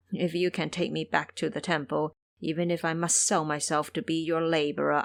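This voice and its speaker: A woman's voice: low voice, dry recording. A woman voicing a demon disguised as an injured old male Taoist, pleading and whimpering for help.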